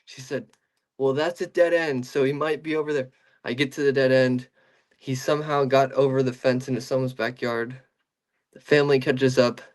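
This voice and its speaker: A man's voice: mid-range voice, steady tone, moderate pace. Rambling young man telling a story. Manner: rambling storytelling with many restarts and fillers. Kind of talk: casual podcast chat.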